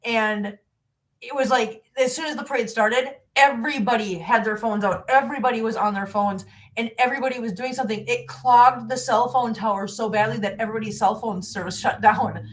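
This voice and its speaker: A woman's voice: a little high, fairly quick. Rambling heartfelt woman near sixty. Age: around 60. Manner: rambling, heartfelt, repeats herself; coos baby talk at her cats. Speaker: cat-channel host. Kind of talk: casual live-stream chat. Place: at home.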